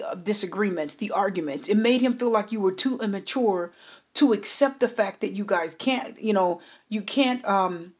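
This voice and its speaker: A woman's voice: medium pitch, breathy edge. A woman giving a personal tarot reading, talking straight to the client, repeating her points and checking in with "okay?". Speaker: tarot reader.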